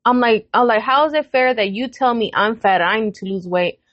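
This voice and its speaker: A podcast co-host in her thirties, speaking a little fast in a slightly high voice, tells a family story in casual chat. She swears freely and animatedly acts out what each person said. The sound is dry with no echo, and the highs are cut off.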